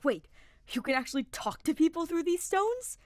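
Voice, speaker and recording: A woman reading a fan-fiction audiobook, voicing an excitable young male paladin who gushes and gasps. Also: normal speed, no echo, clean studio sound, close to an everyday voice. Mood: excited. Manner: eager, gasping, squeaky.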